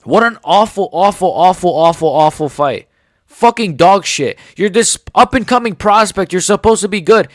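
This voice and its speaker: An MMA commentator in his forties delivers a heated, sarcastic reaction rant packed with swearing. His voice is high, with lively intonation at normal speed, in a dry, studio-quality recording.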